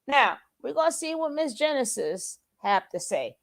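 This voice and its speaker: A woman's voice: on the high side, very animated, takes it slowly. Chatty, scoffing woman commentator. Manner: chatty, scoffing, rhetorical questions. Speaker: commentary channel host. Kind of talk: casual reaction commentary.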